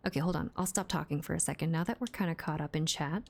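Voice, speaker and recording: A woman's voice: deep voice, fast, a little mellow. A woman livestreaming a game from a room at home, chatting playfully and answering her chat as she plays. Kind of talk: casual live-stream chat while gaming. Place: home room with door closed. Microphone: streaming mic with compressor.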